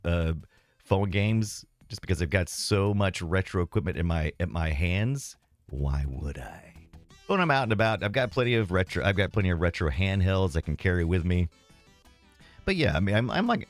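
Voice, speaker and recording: A man streaming retro games, rambling casually and self-deprecatingly as he reads and answers his chat. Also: fairly low pitch.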